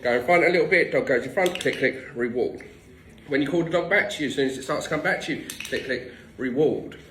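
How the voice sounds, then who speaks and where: A man's voice: on the high side, brisk, fairly bright tone, echoey room, low-quality recording. A man working as a dog trainer, giving blunt, no-nonsense instructions with the odd swear word. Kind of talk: direct instructional tips.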